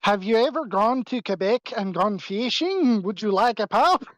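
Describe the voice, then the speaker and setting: A woman's voice: mid-range voice, expressive, normal speed, dry recording, lightly acted. A woman voicing a cheery, chatty French-Canadian man in a put-on accent during a tabletop game. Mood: folksy, welcoming. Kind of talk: tabletop role-play voice.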